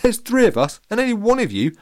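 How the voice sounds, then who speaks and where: A man voicing a brash, mocking banana henchman who shouts his threats. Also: sits high, very animated, quick pace, dry recording, studio quality, voice pushed up. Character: bullying male banana henchman, big and brash.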